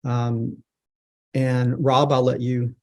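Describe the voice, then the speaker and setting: A man hosting a business webinar, with a gravelly edge to his voice. He stumbles through fillers, then speaks in an upbeat and friendly way. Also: mid-range voice, monotone, takes it slowly. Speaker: webinar host, business advisor.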